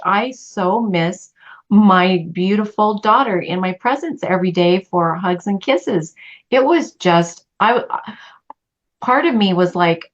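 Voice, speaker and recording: A woman's voice: medium pitch, muffled recording. A middle-aged woman in a group chat, speaking earnestly and openly about her feelings. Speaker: study group member. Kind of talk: casual group chat on a call.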